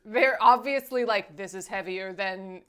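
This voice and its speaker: A woman's voice: medium pitch, measured pace. A woman co-hosting a podcast, chatting casually about a TV episode and acting out quotes in funny voices. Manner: animated, acts out quotes with voice changes. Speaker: podcast co-host. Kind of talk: casual chat recapping a TV show.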